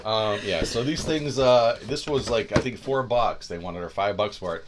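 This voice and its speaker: A man's voice: on the low side, normal speed, background noise. A man in his fifties with a Northeast Ohio accent, co-hosting a casual livestream and joking with side remarks. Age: 50s. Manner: joking, wanders off into asides. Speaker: podcast co-host.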